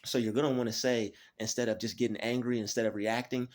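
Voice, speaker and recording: A channel host speaks in a mid-range voice with little pitch movement, giving a motivational self-help talk. He often asks "all right?" and slows down for key phrases.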